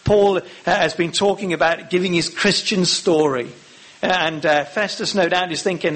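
A man preaching a sermon, acting out the lines of the Bible characters with lively emphasis. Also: sits high, normal speed.

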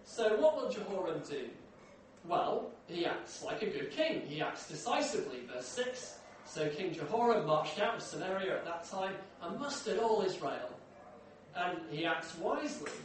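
Man preaching, chatty and questioning, high voice, picked up from afar in a big echoey hall. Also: big pitch swings, moderate pace, far from the mic, slight background noise. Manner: conversational, asks the room questions. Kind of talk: sermon. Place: large echoey church hall.

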